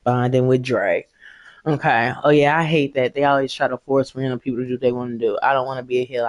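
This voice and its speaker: Animated, foul-mouthed woman streamer. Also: mid-range voice. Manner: animated, profane, laughs at own jokes. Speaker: gaming streamer. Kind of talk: casual chat to a stream audience while gaming.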